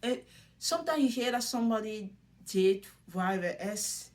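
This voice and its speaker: A woman's voice: medium pitch, lively intonation, moderate pace, a little mellow. A young woman casually recapping a reality show, chatty, laughing often and acting out what people said. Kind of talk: casual commentary.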